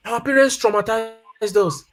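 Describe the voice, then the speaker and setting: With a high-pitched, fairly bright voice and an unhurried delivery, a man in his thirties or forties chats informally about family life. He's a guest speaker who tells stories from his own life and repeats key ideas for emphasis.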